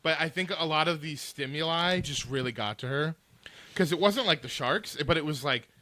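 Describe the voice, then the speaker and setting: Bright, chatty man telling stories. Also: a little high, moderate pace, dry recording. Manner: animated rambling storyteller, many filler likes. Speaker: podcast co-host. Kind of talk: casual chat.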